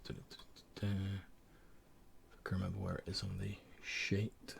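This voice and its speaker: A man's voice: low-pitched, completely flat delivery, a little slow, vocal fry, a little hiss or hum. A man narrating a tabletop game as game master, rambling with lots of fillers and restarts.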